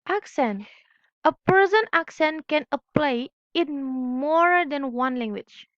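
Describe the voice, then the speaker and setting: A woman's voice: high voice, animated, takes it slowly, no echo. A young woman whose first language is Indonesian, reading a class presentation carefully and correcting her own slips. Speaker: student presenter. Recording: dull lo-fi recording.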